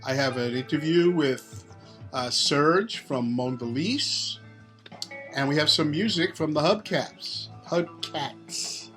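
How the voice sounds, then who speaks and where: A man's voice: fairly high pitch, a little slow, a bit bright, faint music behind. A man hosting a local show, talking in a rambling, laid-back way with casual asides. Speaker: host. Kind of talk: casual interview and sign-off.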